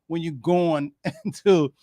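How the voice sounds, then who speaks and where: An older man co-hosting a casual chat, animated, laughing often and acting out quoted voices. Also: a little high, slow, no room sound, clean studio sound. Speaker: co-host.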